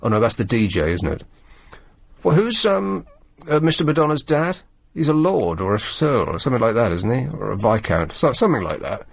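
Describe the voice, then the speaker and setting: A man hosting a late-night radio show, riffing on the day's news with dry sarcasm and a rambling, filler-strewn delivery. His voice sits at an ordinary middle pitch, recorded close and dry in the studio with no room sound. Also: big pitch swings, brisk, vocal fry, dry recording. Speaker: radio host.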